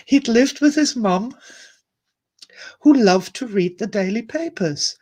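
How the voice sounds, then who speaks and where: A woman's voice: on the high side, expressive, measured pace, a little mellow. Woman, summit speaker, heartfelt anecdote-teller who drifts into asides and swears now and then. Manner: emotional, candid, digressive, with sighs and laughs. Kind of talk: personal storytelling talk.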